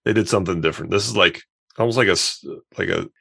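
A man's voice: sits low, quick pace, vocal fry, fairly bright tone, breathy edge, no echo, studio quality. A man co-hosting a casual podcast, talking through video games with thoughtful enthusiasm and frequent restarts. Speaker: podcast co-host. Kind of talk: casual chat.

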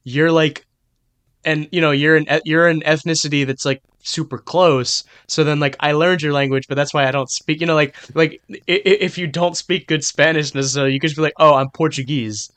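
A man co-hosting a podcast, chatting casually in a rambling, halting way with many restarts. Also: fairly high pitch, steady tone, a bit bright, smooth, dry recording. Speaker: podcast co-host. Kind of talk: casual chat.

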